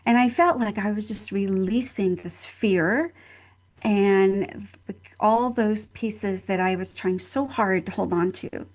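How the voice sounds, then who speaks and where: An older woman, a nurse appearing as a guest speaker, speaks slowly in a mid-range voice from her home in Texas. In an interview she tells a personal story earnestly and from the heart, repeating phrases for emphasis.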